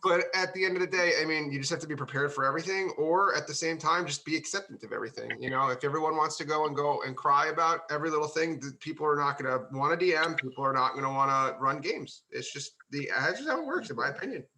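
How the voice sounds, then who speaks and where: A man's voice: a little high, fast, hardly any pauses, sharp tone, a little hiss or hum, low-quality recording. A man co-hosting a casual tabletop gaming talk show, opinionated and jokey, rambling through his points. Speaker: podcast co-host, game master. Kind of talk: casual chat among friends.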